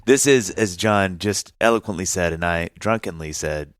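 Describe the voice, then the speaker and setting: Low-voiced guy cohosting a podcast, rambly and hyped, dry close sound. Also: moderate pace, no echo. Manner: exuberant, rambling and self-mocking. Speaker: podcast co-host. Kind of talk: casual chat.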